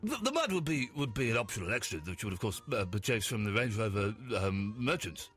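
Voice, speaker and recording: A man hosting a comic radio phone-in, bantering in a lively way with mock-posh turns and swearing asides. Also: fairly low pitch, brisk, soft background music. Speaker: radio host. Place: radio studio.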